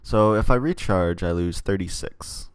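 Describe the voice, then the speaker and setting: A man with a low voice reads a text game's story aloud at a measured pace, breaking off for hesitant, rambling asides about his choices. It's casual let's-play commentary, recorded dry with a clean tone.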